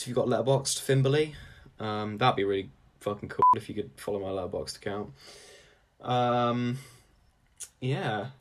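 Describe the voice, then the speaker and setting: A young man co-hosting a comedy podcast, rambling and self-deprecating with lots of fillers. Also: medium pitch. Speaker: podcast co-host. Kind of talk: casual comedic chat.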